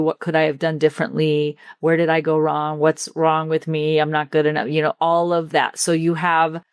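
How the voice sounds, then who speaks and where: A woman with a notably low voice hosts her own coaching podcast. She speaks earnestly and with empathy, drawing out the words she wants to land. The recording is dry and close, with no room sound. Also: clean tone, dry recording. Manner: earnest, empathetic, slows down to stress points. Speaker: leadership coach and podcast host. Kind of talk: solo podcast coaching talk.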